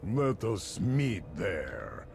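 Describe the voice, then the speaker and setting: A rumbling gravelly frost giant. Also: male voice, wildly swooping pitch, background noise, heavily acted. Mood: commanding. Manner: slow, weighty, archaic speech. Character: huge gruff male frost giant, proud, wary ally. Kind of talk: video game voice acting. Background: loud game music.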